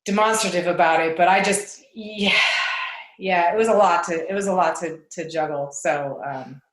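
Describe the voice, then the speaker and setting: Heard against slight background noise and a roomy echo, a woman in her forties guests on a casual interview show. Her voice sits on the low side at a normal speed, and she hesitates, uses many fillers and laughs a lot.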